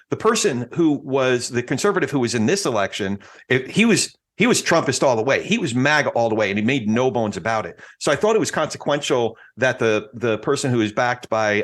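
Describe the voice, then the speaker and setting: A man hosting a casual podcast, joking easily and halting with ums and restarts as he makes his points. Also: mid-range voice, fairly bright tone. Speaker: podcast host.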